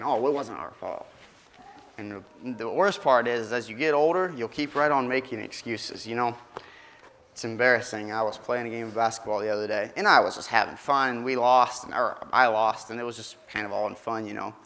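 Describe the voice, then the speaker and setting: A man's voice: medium pitch, fairly bright tone. Casual man giving a children's sermon. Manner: casual, conversational, frequent restarts.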